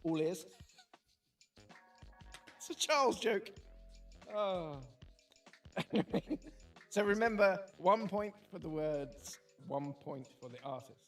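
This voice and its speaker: A man runs a quiz in a relaxed, joking way and laughs often. His voice sits a little high. Faint music plays behind him. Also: slow, pauses often. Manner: jokey and playful, laughs often. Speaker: quiz host. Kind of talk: casual quiz chat.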